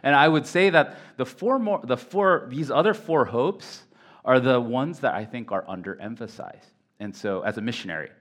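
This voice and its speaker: A man in his thirties, a pastor, preaching a sermon in a casual storytelling way with lively quoted voices and frequent restarts. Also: medium pitch, moderate pace. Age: 30s.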